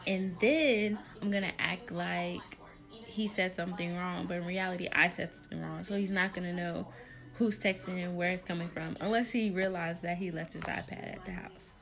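A young woman, chatting excitedly in a casual vlog from home. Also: fairly low pitch, moderate pace, soft background music. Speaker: vlogger.

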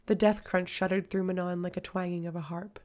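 A woman narrating a fantasy novel audiobook in a steady, measured reading. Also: lowish voice. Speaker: audiobook reader.

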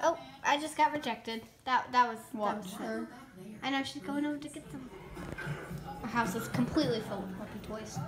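A woman's voice: fairly high pitch, brisk. A young woman vlogging at home, bubbly and gushing as she talks. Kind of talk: excited home vlog. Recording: loud background noise.

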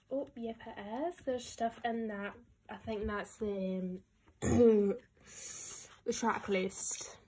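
Gushing through an album unboxing at home, this excitable young vlogger chats with her pets and keeps dropping into a whisper. Her voice is on the high side, and there's slight background noise.

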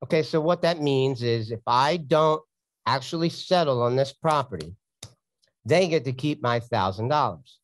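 A man's voice: mid-range voice, animated, moderate pace, no echo. A man, a real estate investor telling a story in a blunt, sarcastic, casual teaching talk.

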